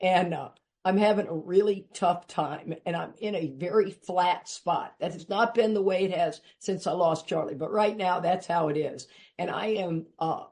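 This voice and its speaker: A woman's voice: moderate pace, a little mellow. An older woman from Texas with a Texan accent, giving an earnest, emphatic personal share at a recovery meeting. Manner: earnest and emphatic, rising in pitch when urging listeners.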